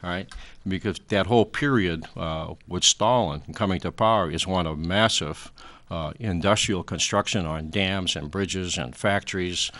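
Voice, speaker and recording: Man, 60s, very low pitch, rambling, lecturing, trails off mid-sentence, talk show guest. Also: moderate pace, few pauses, fairly bright tone. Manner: frequent fillers, trailing off.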